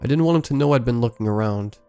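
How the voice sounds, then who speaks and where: A man reading a first-person scary story aloud in a measured, scripted storytelling delivery. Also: medium pitch, warm tone, clear, resonant tone, soft background music. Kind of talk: scripted horror story narration.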